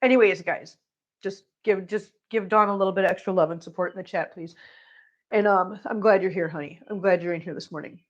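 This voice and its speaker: A woman's voice: mid-range voice, fairly even intonation, fairly quick. A woman hosting a cat channel livestream, chatting casually and tenderly to her cats while she scoops litter boxes. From Missouri. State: tearful. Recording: dull lo-fi audio.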